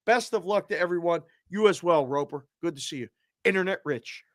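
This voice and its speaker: Bright, high-voiced upbeat male host. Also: brisk, no echo, studio quality. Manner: upbeat, shouts out names and area codes. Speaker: show host. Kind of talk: live show, reading viewer shout-outs.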